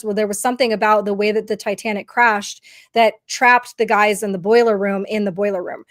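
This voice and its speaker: A woman's voice: medium pitch, fairly even intonation, normal speed. A woman podcast co-host telling stories in casual conversation, with many fillers and restarts.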